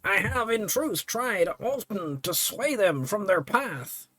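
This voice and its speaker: A man voicing an aging male priest in a game, with failing eyes and sharp wits, who talks in a fussy, stammering, mildly sarcastic way. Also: high-pitched, sing-song, slow, no echo, voice pushed up, full character voice, rough recording. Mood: wry, worried.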